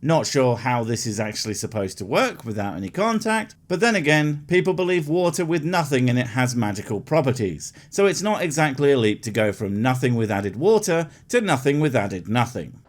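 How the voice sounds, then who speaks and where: Sarcastic man, lively pitch. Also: a little fast, hardly any pauses. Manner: sarcastic, mocking, animated. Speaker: comedy commentary host. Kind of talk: sarcastic video commentary.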